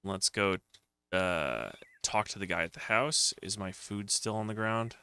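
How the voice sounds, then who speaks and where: Gravelly man muttering through a game stream. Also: lowish voice, measured pace, sharp tone, no echo. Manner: muttering to himself while playing. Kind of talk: casual let's-play commentary.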